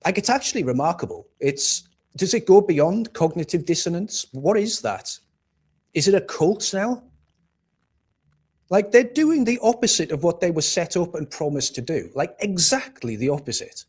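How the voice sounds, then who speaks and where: A man's voice: high-pitched, lively intonation, normal speed, darkish tone, husky. A man from England hosting a livestream, ranting bluntly and with plenty of profanity about politics. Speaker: livestream host. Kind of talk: casual political rant.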